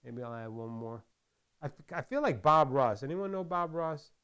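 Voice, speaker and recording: A man's voice: mid-range voice, lively intonation, normal speed, a bit bright, clean tone. A man casually chatting while making crafts, rambling through stories with lots of restarts. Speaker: craft vlogger. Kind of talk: casual tutorial chat.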